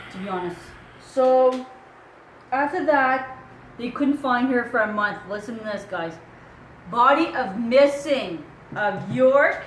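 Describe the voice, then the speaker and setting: French-accented woman, true crime vlogger, high voice, casual and questioning, faint room hum. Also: echoey room, poor audio. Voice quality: animated, wondering aloud with rhetorical questions. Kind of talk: casual true crime commentary, reading news aloud.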